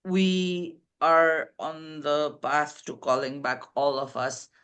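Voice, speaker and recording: Woman cohosting a spiritual podcast, slow and careful, lots of pauses and ums. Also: sits low, level tone, fairly bright tone. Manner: slow and deliberate, pausing often with fillers. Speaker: podcast co-host.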